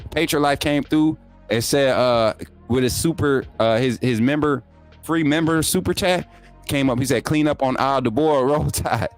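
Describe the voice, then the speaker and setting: A young man, hosting a sports livestream, reading super chats and teasing viewers in energetic, laughing banter. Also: mid-range voice, normal speed, soft background music. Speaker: YouTube sports show host.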